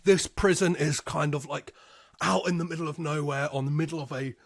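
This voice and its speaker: A man hosting a podcast, recapping a film in a laid-back way, swearing freely and filling pauses with "um". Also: fairly high pitch, fairly even intonation, gravelly. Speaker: podcast host.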